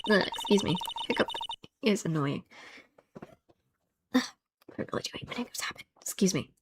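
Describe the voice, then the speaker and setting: A woman's voice: medium pitch, animated, moderate pace, whispered. Hiccuping woman streamer reading game text. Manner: stumbles over words, comments aside on the game. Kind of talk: reading a game's dialogue aloud while playing.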